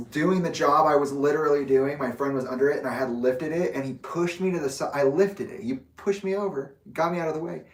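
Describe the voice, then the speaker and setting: A man casually telling a personal story in a rambling, profane way, laughing often. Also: mid-range voice. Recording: echoey room, mic far off.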